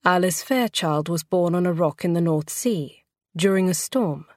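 Casting: female audiobook narrator, lower register, dry close studio sound, measured expressive storytelling. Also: no echo, soft background music. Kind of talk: scripted narration.

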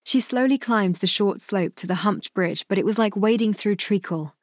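This audiobook narrator, a woman with a medium-pitched voice, reads a novel in an even, measured storytelling style. The recording is studio quality with no room sound.

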